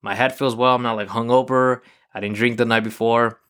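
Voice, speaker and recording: Smooth-voiced man rambling casually. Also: medium pitch, flat delivery, a little fast, fairly bright tone. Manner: rambling, loose storytelling with frequent fillers. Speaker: podcast host. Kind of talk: casual solo recap monologue.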